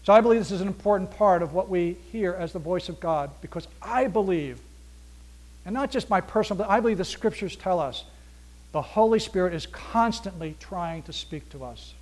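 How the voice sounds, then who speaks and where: A man preaching a sermon as pastor, swinging between loud emphasis and near-whispered hushes, acting out dialogue and asking rhetorical questions. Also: sits high, animated, normal speed.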